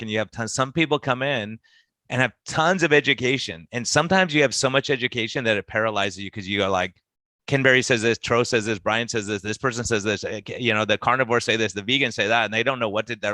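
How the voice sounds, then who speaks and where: A man's voice: mid-range voice, fast, no echo. A man who works as a physician, talking casually on a podcast and acting out his patient conversations. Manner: animated, acts out patient conversations in quotes.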